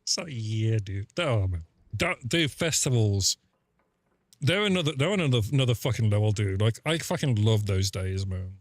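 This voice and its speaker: A man's voice: fairly low pitch, expressive, moderate pace, no room sound. A man chatting casually on a game stream, telling rambling, sweary stories full of fillers. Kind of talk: casual live-stream chat.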